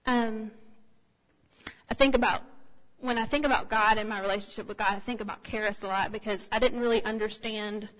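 Bright-voiced woman preaching in a hall. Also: medium pitch, fairly even intonation, fairly quick. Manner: conversational, anecdotal, with frequent fillers. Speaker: speaker. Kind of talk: sermon. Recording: long hall reverb.

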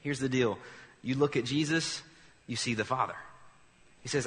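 A male pastor preaching a sermon in an animated, emphatic way, with quick asides to the congregation. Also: medium pitch, big-room sound.

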